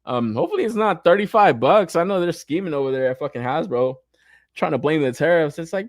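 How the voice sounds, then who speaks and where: A man's voice: fairly high pitch, fast, no room sound, clean studio sound. A young man hosting a toy collecting podcast in casual, profane chat, often laughing and ranting. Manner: profane, animated, frequent laughter.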